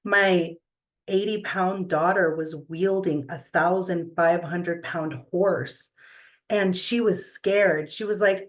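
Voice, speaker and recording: A middle-aged woman giving a reflective motivational talk, earnest and deliberate, with pauses between phrases. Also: medium pitch, low-quality recording.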